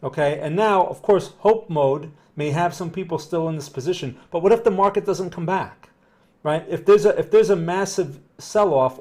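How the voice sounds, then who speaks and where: A man's voice: a little high, a little mellow. A man with a Northern New Jersey accent, live-streaming trading analysis in a conversational, explanatory way and often checking that viewers follow. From New Jersey, USA. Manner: upbeat when greeting viewers.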